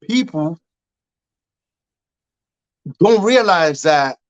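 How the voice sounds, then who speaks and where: A man's voice: on the high side, drawn-out words, lo-fi sound. A middle-aged man of Cuban heritage, a guest telling stories in a casual interview and acting out the voices in them. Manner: animated storyteller, acts out quotes, frequent "you know what I'm saying".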